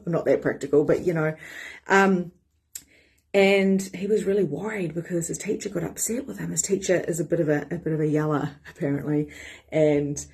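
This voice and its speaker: A woman, a life coach giving a lively live-streamed motivational talk. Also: sits low, normal speed, creaky, husky. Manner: animated and excitable, swears casually.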